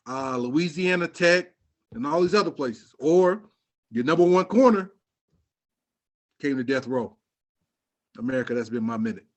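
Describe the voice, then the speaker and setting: A man co-hosting a podcast, giving a slangy, joking sports rant in casual chat. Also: a little high. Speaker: podcast co-host.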